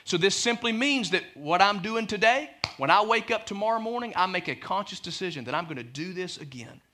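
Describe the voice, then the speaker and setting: A man's voice: sits high, lively intonation, a little fast, sharp tone. A man preaching a sermon as pastor, emphatic and speaking straight to the congregation with frequent asides and repeated words. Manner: repeats words when building a point.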